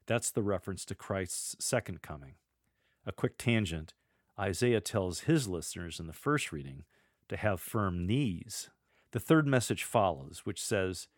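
Man, middle-aged, lector coach, low voice, dry close sound, measured, deliberate pauses. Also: very animated, no echo. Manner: measured, demonstrates readings aloud with deliberate pauses. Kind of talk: instructional podcast on scripture reading.

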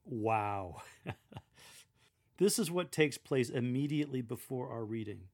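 A lector coach with an animated, mid-range voice speaks clearly. He gives measured, deliberate instruction on how to proclaim a scripture reading aloud.

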